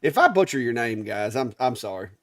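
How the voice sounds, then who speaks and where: A man's voice: medium pitch, sing-song, a little fast, dry recording, clean studio sound. A middle-aged man with a Southern Alabama accent, co-hosting a live stream in an easygoing drawl and stumbling over names. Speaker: live show co-host. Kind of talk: casual live-stream chat.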